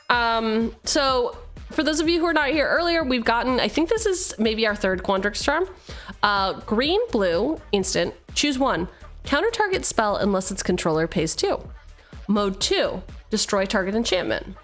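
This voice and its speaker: A woman's voice: fairly high pitch, very animated, normal speed, fairly bright tone, faint music behind. A woman streamer chatting casually and swearing freely while opening card packs, laughing often.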